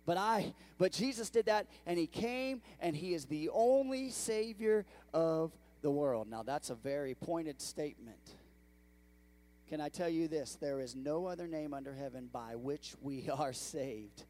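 A man pastor preaching a sermon to his congregation, calling out to the room and swinging between hushed and loud delivery. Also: a little high, a little slow. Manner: animated preaching with audience call-outs. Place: church sanctuary.

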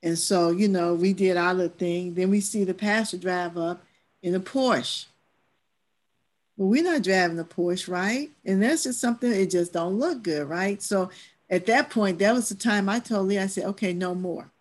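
A woman's voice: medium pitch, moderate pace. A woman who leads church stewardship, talking earnestly and emphatically in a church discussion class.

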